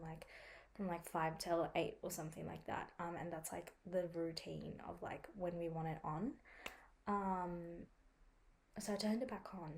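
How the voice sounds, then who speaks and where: A woman's voice: lowish voice, a little mellow, a little hiss or hum. A young woman vlogging at home in a casual, chatty way, full of "like" and swearing, with a sore throat from a cold. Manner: chatty, frequent "like" and swearing, dramatizes her own reactions. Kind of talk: casual vlog chat.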